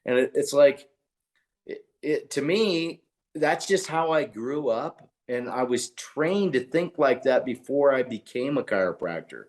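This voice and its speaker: Excitable chiropractor man telling stories. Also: mid-range voice, measured pace. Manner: excitable, blunt, storytelling. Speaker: chiropractor, podcast co-host. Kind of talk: casual podcast chat.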